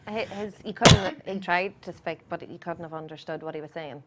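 A woman's voice: on the low side, normal speed, heavy background noise. A woman, a guest mother speaking earnestly about her young son in a casual chat. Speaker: guest, mother of an autistic boy.

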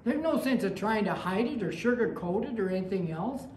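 A woman's voice: medium pitch, lively intonation, fairly quick, darkish tone, a little hiss or hum. Conversational woman preacher in an echoey room. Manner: conversational preaching with anecdotes and rising emphasis. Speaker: pastor. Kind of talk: sermon. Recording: echoey room with faint ambience.

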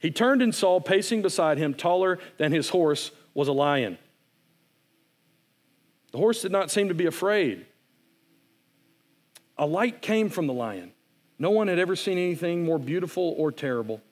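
A man's voice: fairly high pitch, lively intonation, moderate pace, pauses often. A man preaching a sermon, retelling a story in an earnest, conversational way. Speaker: pastor.

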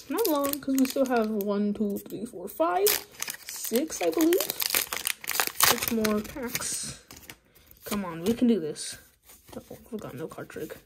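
A woman chatting casually as she opens trading card packs, excitable and pleading with the cards. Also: mid-range voice. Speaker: card-opening vlogger. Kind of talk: casual pack-opening commentary. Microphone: phone. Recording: loud wrapper crinkling and tearing noise. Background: crinkling, tearing foil packs.

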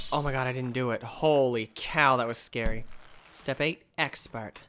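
A man narrates his gameplay in an excitable rush, his pitch leaping all over the place. His voice is bright and keen, and he yelps and trash-talks as he plays. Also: a little slow, slight background noise. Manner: excitable, yelps and exclaims loudly. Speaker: gamer.

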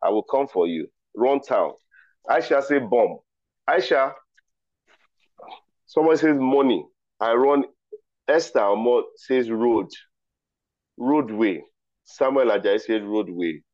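A man hosts an online riddle quiz over a video call, playful and teasing as he reads names and answers from the chat. His voice sits at an ordinary middle pitch. The audio is dry and a little dull, like lo-fi call sound. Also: animated, slow pace, pauses often, a little mellow, dry recording. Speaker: host of a virtual ceremony. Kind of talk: lively hosting of a riddle quiz.

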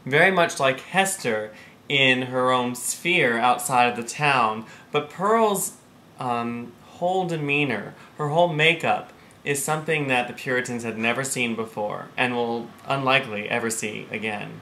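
A man's voice: mid-range voice, measured pace, pushed and bright. A man teaching an English literature lesson, explaining the text and reading passages aloud. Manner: explains then reads quoted passages dramatically.

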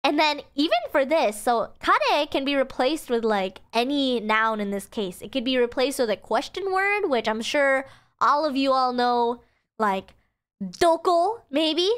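A woman's voice: high-pitched, expressive, unhurried, fairly bright tone, smooth. A young woman explaining Japanese phrases in a casual livestream lesson. She is chatty, giggles often and fills her talk with "um" and "like.". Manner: chatty and giggly, frequent fillers. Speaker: streamer teaching Japanese.

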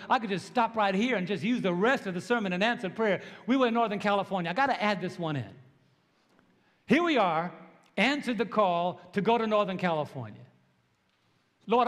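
A pastor in his sixties from New York, preaching a sermon with animated storytelling and call-and-response. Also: high voice, brisk. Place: church sanctuary. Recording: long church hall reverb.

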